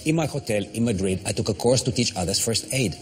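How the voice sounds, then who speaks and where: An actor playing an eager hotel worker, halting English, mixed-up words, fairly low voice. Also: male voice, expressive, natural voice. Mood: earnest. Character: Spanish hotel staffer, eager, shaky English.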